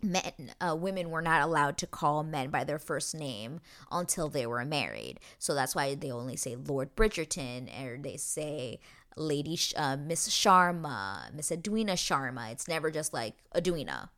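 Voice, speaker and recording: A woman's voice: sits low, bright, forceful tone. A woman hosting a podcast, recapping a show episode in an emotional, gushing, rambling way full of fillers. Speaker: podcast host. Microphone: podcast microphone.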